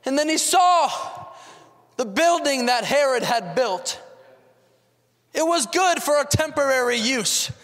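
A man's voice: extremely high pitch, lively intonation, a little slow, fairly bright tone, in a large hall. A man preaching a fervent sermon as a pastor, building with repeated rhetorical questions.

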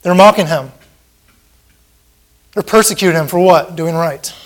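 Male preacher, high voice, impassioned, repetitive, acts out mocking crowds, church sermon. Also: unhurried.

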